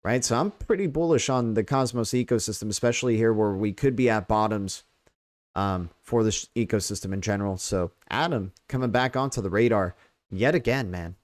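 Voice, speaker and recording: A man's voice: on the low side, fairly quick. An American man casually commenting on crypto news in a chatty way, often asking "right?". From United States. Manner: chatty, keeps tagging on "right?" and "you know". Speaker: crypto channel host.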